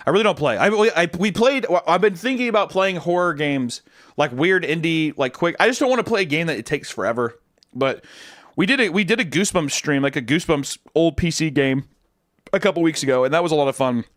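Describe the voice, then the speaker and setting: Lively young man chatting crudely with chat. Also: fast, no echo, studio quality. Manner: crude, jokey, swings between loud bursts and low mumbles. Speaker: streamer answering chat. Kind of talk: casual livestream chat.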